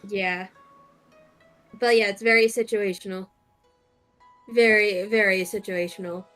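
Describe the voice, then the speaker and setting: A woman in her thirties, chatting casually while streaming a game and telling an unhurried story. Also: medium pitch, steady tone, fairly bright tone, faint music behind. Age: 30s.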